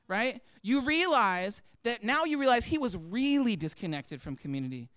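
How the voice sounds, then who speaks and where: A man's voice: extremely high pitch, big pitch swings, normal speed, hardly any pauses, a bit bright, clear, resonant tone, no echo. A man preaching a conversational sermon, full of rhetorical questions and acted-out quotes. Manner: acts out quoted inner voices. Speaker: pastor.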